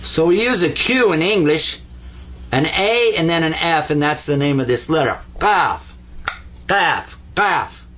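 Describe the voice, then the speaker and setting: Husky, lively older male Arabic teacher. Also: on the high side. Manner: patient, playful, repeats sounds slowly for learners. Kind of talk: whiteboard language lesson.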